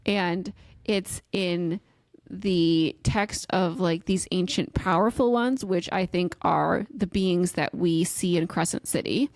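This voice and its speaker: A woman's voice: fairly low pitch, slow, hardly any pauses, no room sound. A woman podcast co-host in casual chat, recapping a novel's chapter with frequent laughs and acted-out quotes. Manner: animated storyteller, laughs often, acts out quotes.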